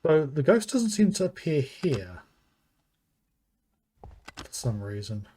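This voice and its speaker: British male streamer, unhurried live play-through commentary, faint hiss behind the voice. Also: a little high, sing-song, warm tone. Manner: slow, thinking aloud, muttering item names. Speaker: gaming streamer.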